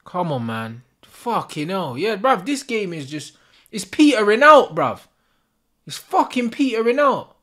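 A young man giving a live, sweary football watch-along, shouting at players and the referee in street slang. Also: high voice, big pitch swings, unhurried. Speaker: football fan streamer.

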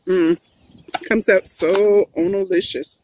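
A middle-aged vlogger from Hawaii chats casually while eating on camera for a mukbang, giggling often and rambling, first at home and then in a car. Her mid-range voice is steady, slow and a little dark. The low-quality recording carries a slight hiss or hum.

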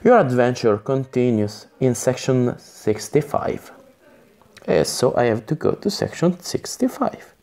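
A man reading an English gamebook on a live stream, in a halting way with chatty asides and self-corrections. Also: medium pitch, mellow. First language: Italian.

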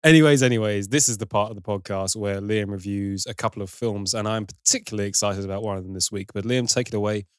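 A British man hosting a film podcast in casual chat, brisk and handing over to his co-host. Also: lowish voice, clean tone, no echo, clean studio sound.

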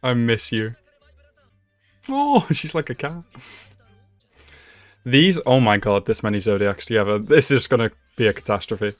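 A man's voice: mid-range voice, lively intonation, unhurried, pauses often, no room sound, faint music behind. A young man hosting an anime reaction video, talking casually and emotionally, swearing and laughing often. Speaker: anime reaction channel host.

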